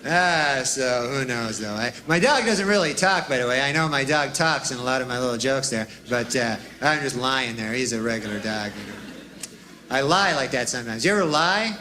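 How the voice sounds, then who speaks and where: A man doing a stand-up routine in a drawling, deadpan way, with rambling asides. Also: mid-range voice, normal speed. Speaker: stand-up comedian. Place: comedy stage before a live audience. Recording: live club recording with audience laughter and noise.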